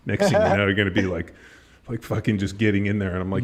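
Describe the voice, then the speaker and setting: A man's voice: fairly low pitch, very fast. A middle-aged man hosting a podcast, telling stories animatedly, swearing freely and acting out what people said. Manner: animated storyteller, swears freely, acts out quotes. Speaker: podcast host. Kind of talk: casual podcast chat.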